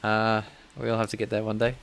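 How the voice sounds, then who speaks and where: A man's voice: on the low side, completely flat delivery, fast, vocal fry, fairly bright tone. A man live-streaming his programming work, thinking aloud in a casual, rambling way and chatting with viewers. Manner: rambling and self-deprecating, chatting with viewers between tasks.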